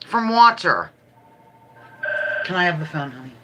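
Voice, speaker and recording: A woman's voice: fairly low pitch, very animated, measured pace, noisy background. A middle-aged woman hosting a casual home livestream, chatty, playful and rambling. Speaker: livestream host. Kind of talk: casual live-stream chat.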